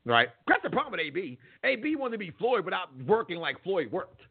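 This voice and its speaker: A man hosting a sports talk show, loud and opinionated, arguing his takes with lots of swooping emphasis. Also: high-pitched, big pitch swings, brisk, gravelly, slightly rough. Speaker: podcast host. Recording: tinny phone-like audio.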